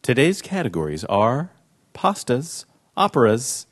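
A man running a quiz game on a live show, joking in a dry, deadpan way with an audience laughing. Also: measured pace. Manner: dry, deadpan joking with lively pitch swings.

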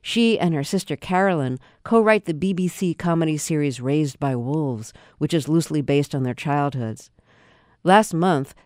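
A woman hosting a public radio interview in a measured, clear, composed way. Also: low voice, a little mellow, no echo. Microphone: studio microphone. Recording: dry studio sound.

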